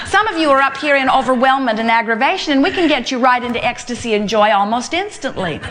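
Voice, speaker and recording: A woman's voice: high voice, animated, quick pace, a bit bright. A woman giving a motivational talk to a live gathering. She speaks emphatically as "we", repeats her points and builds long step-by-step lists. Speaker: inspirational speaker.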